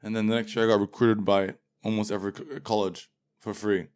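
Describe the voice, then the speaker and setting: A man's voice: fairly low pitch, level tone, a little fast, darkish tone, smooth. A man from England, the guest in a casual interview, talking in a laid-back, rambling way with lots of fillers.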